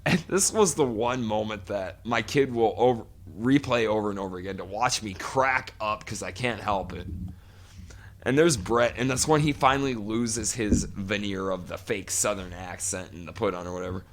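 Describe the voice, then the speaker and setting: A man's voice: fairly low pitch, moderate pace. A man in his forties co-hosting a podcast, telling a long profane story in casual chat. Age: 40s. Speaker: podcast co-host.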